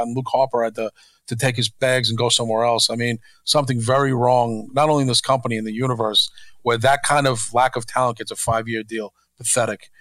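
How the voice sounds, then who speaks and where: Guy on a podcast going off, swearing a lot, bit high voice, dry close mic. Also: fairly bright tone, no echo. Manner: blunt, profane, ranting. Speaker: co-host. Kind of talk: casual podcast chat.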